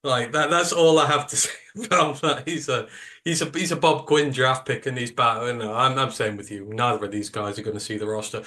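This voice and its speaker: A man's voice: mid-range voice, fairly even intonation, brisk, sharp tone. A British man co-hosting a sports podcast, talking in an emphatic, opinionated way, rambling with fillers. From United Kingdom. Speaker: podcast co-host. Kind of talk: casual sports podcast chat.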